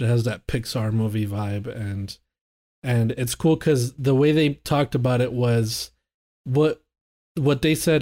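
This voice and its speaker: A man with a mellow, dark-toned voice talks games as a podcast co-host. He is casual and enthusiastic, with loose phrasing and plenty of fillers. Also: medium pitch. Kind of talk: casual chat.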